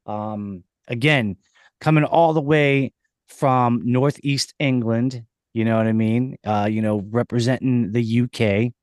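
Male podcast host, showman energy, stumbles and restarts, mid-pitched, recorded dry in a studio. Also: fairly even intonation, a little slow, a little mellow, no room sound. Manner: hyped-up showman, stammering restarts. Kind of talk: casual interview.

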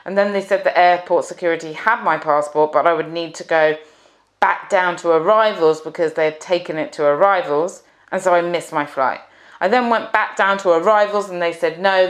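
A woman coach telling a personal story in a confessional monologue, drawing out key words unhurriedly. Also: on the low side. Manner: confessional, recounting her own negative thoughts. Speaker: relationship coach.

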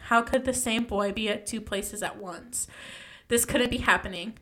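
A woman's voice: on the high side, moderate pace, sharp tone. A young woman casually reading a ghost story aloud, stumbling and correcting herself as she goes.

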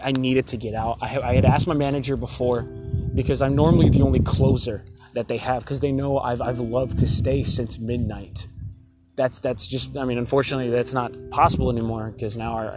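A young man talking through a rambling, heated personal confession, with frequent restarts and swearing. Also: medium pitch. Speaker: store worker venting. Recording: loud guitar music behind the voice.

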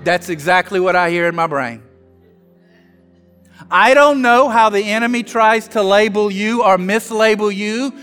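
Pastor from south louisiana, very high voice, funny self-mocking storyteller, long hall echo with soft music under it. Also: male voice, unhurried, clear, resonant tone. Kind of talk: sermon.

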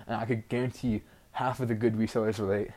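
Quick and mellow, a teenage boy's lowish voice barely moves in pitch as he hosts a solo podcast. He rambles casually and bluntly, with a frustrated tone and a steady stream of "like."

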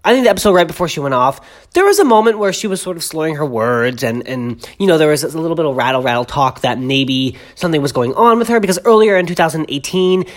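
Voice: medium pitch, animated, quick pace. A congested podcast host rambling through pop-culture gossip at home, chatty and full of tangents, gushing with ironic exaggeration. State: congested, clogged throat.

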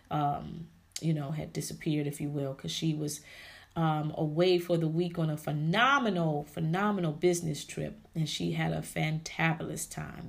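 With a low, gravelly voice, a woman gives an emphatic faith-based motivational talk on her podcast. She's preachy in tone and keeps calling listeners ladies and honey.

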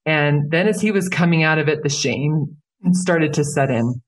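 A woman's voice: low voice, normal speed. Earnest woman, podcast guest. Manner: earnest, emphatic, repeats key phrases. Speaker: guest, certified life coach. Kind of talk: podcast interview.

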